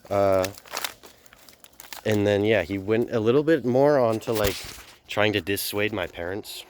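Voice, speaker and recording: A man's voice: lowish voice, a little mellow, slight background noise. A young man casually telling a personal story in a rambling, laid-back way, full of fillers and swearing. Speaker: vlogger.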